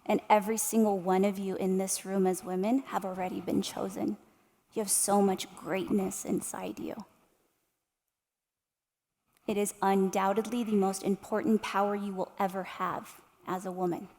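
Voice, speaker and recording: In a large arts center hall with long reverb, a woman in her thirties presents a motivational keynote with a mid-range, darkish voice, flat delivery and moderate pace. She recounts stories animatedly and engages the audience directly through tag questions.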